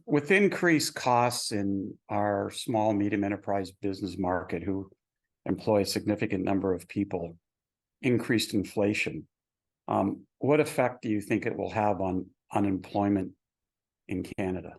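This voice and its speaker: Low-voiced man hosting a webinar. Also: husky. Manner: halting, with repeated words. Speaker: webinar host. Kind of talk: asking interview questions.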